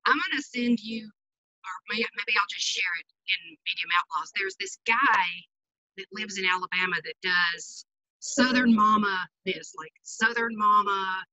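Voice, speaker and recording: A woman chatting quickly and apologetically with friends on a group video call. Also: mid-range voice, sharp tone, no echo. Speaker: regular group member. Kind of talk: casual chat. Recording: dry, muffled video-call audio.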